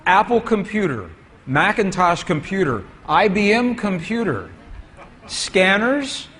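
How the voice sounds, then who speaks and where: A man whose husky voice sits a little high tells a story as he lectures from slides, taking it slowly and often turning to the audience with questions. His tone is fairly bright, and his pitch swings widely.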